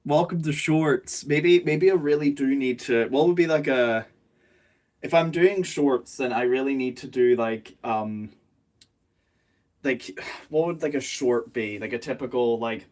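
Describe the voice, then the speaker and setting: A man's voice: mid-range voice, a little slow, darkish tone. A man chatting casually on a live stream from his bedroom, self-mocking, jokey and rambling, speaking into a phone rather than a proper microphone. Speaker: streamer and animator. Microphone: phone, not a proper microphone.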